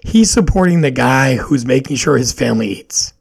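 Male podcast host, raspy with vocal fry; opinionated, questioning, loose and unscripted. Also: medium pitch, lively intonation, moderate pace. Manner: questioning, opinionated rambling with fillers. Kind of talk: solo podcast monologue.

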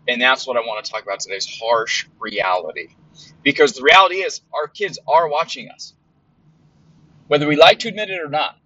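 A man's voice: medium pitch, a little fast, bright, forceful tone, muffled recording. A man hosting a podcast in a casual monologue, blunt and rambling, with lots of fillers and some swearing. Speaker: podcast host.

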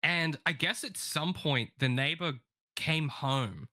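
A man co-hosting a casual advice podcast, telling a story in an animated way, swearing freely and acting out the people he quotes. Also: a little high, slow, no room sound. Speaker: podcast co-host.

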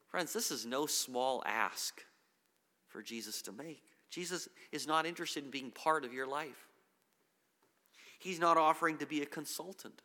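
A man's voice: fairly high pitch, unhurried, pushed and bright. A man preaching a sermon as pastor, earnest, with frequent restarts and repeated words. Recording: long hall reverb.

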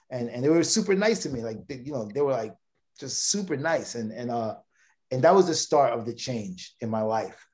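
A man's voice: mid-range voice, a little mellow. A man in his thirties from Brooklyn, a podcast guest telling a long personal story in casual talk, with stammered restarts. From Brooklyn, New York. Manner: rambling, many restarts and stammered repeats.

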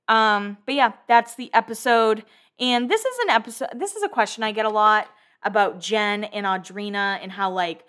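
Chatty, gossiping young woman podcaster. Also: on the high side. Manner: chatty, swearing, animated gossip. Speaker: podcast host. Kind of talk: casual chat.

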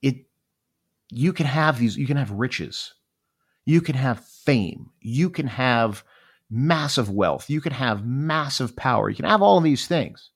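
A man's voice: mid-range voice, lively intonation, measured pace, husky. A man in his forties telling a personal story in a rambling, reflective way, often repeating phrases.

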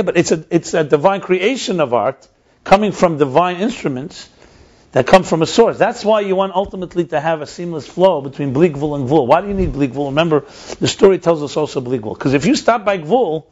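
A man's voice: on the high side, expressive, fairly quick, a little mellow. A man explaining ideas in a conversational teaching style, emphatic and repeating his key points. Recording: dull lo-fi recording.

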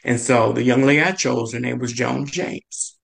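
A man telling a personal story in earnest, his voice carrying a gravelly edge. He pauses often on "and, uh" as he goes. His pitch leaps up when he quotes other people. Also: steady tone, rough recording. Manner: halting, many "and, uh" fillers. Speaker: guest chef.

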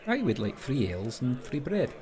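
A man's voice: mid-range voice, big pitch swings, normal speed, crowd noise. A man playing a tabletop role-playing game in character, playful and chatty with many asides. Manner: playful, lots of asides and restarts.

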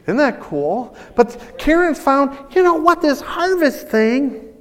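High-voiced, animated preacher in a reverberant hall. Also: male voice, slow pace. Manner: animated, excitable preaching with many restarts. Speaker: pastor. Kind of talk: sermon. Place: church sanctuary.

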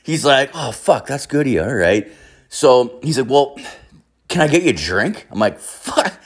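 A young man from Ireland telling a rambling, swear-filled party story in casual chat, acting out quotes with sudden jumps in pitch. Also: very animated, moderate pace, slightly rough. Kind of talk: casual anecdote, heavy swearing.

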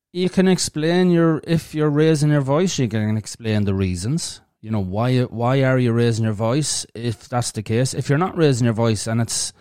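A man's voice: mid-range voice, a little mellow, clear, resonant tone, no room sound, studio quality. A man hosting a podcast alone, speaking frankly and bluntly, swearing freely and thinking aloud as he goes. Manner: thinks aloud with fillers and restarts. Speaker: podcast host. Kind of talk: casual solo podcast talk.

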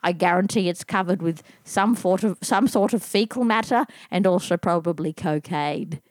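A woman's voice: on the low side, normal speed, dry recording. A woman co-hosting a podcast, playful and mock-dramatic in improvised comic banter. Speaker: podcast co-host.

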